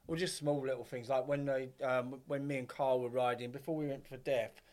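A man in his fifties chats loosely as a podcast guest. He rambles, swears freely and acts out what people said to him. His voice sits at an ordinary middle pitch. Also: little pitch movement, fairly quick, darkish tone. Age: 50s. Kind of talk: casual chat.

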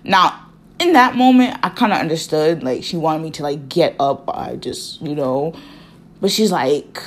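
Chatty young woman, slightly low voice. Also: lively intonation, a little slow. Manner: chatty, many fillers and asides. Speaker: vlogger. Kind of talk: casual storytime chat.

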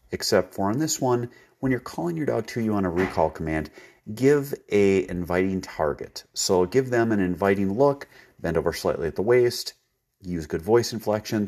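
Deep-voiced man giving dog-training tips. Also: darkish tone. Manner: practical, instructive, folksy. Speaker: podcast host, dog trainer. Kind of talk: training tip segment.

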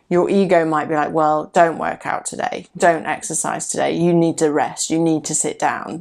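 A woman's voice: sits low, creaky, darkish tone. A woman hosting her own podcast, talking casually, candidly and reflectively about her own experience. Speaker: podcast host. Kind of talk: casual solo podcast talk.

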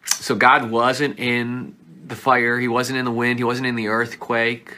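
A male pastor preaching a sermon earnestly, swinging between loud pleading passages and hushed whispers. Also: medium pitch, flat delivery, a little slow, a little hiss or hum.

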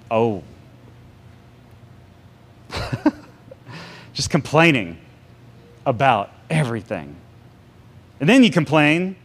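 A man preaching a sermon to a congregation, animated and sarcastic, with big swings in pitch. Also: slow, pauses often. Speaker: pastor.

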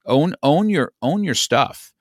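A man's voice: on the high side, very animated, slow pace, slightly rough, no echo, clean studio sound. A middle-aged man, a podcast guest, telling a story in casual chat, rambling with many restarts and "you know, man.".

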